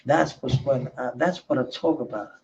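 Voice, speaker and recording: Casting: man for a slow, profane vlog rant, gravelly, on a dull lo-fi recording. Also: medium pitch, a little mellow, a little hiss or hum. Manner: profane, rambling, laughs between thoughts. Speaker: vlogger. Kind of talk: rambling personal monologue.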